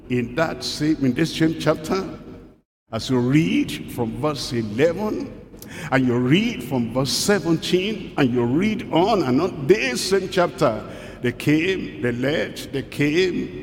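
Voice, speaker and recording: A man preaching a sermon, reading scripture slowly with deliberate pauses. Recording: hall reverb, faint rumble.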